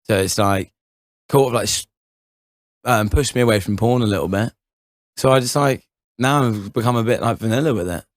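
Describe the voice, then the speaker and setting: A young man rambles through an anecdote, stacking fillers and restarts and laughing often. His voice sits fairly low, and the sound is dry and close. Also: moderate pace, no echo. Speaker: podcast co-host. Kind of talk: casual chat, storytelling.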